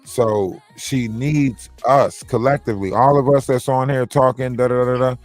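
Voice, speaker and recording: A man's voice: mid-range voice, steady tone, normal speed, soft background music. Slangy, mocking male livestream host. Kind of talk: casual gossip commentary.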